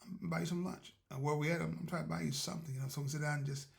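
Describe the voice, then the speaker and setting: Gravelly man telling a rambling story. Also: fairly high pitch, steady tone, racing. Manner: rambling, repeats "like I said", folksy; spiritual encouragement. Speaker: host of a motivational show. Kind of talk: casual storytelling monologue.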